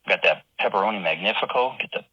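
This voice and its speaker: A man with a New York accent leaving a long, friendly but gruff voicemail that reels off lists. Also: on the low side, very fast, sharp tone, dry recording, lo-fi sound. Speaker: voicemail caller. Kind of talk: rambling phoned-in message.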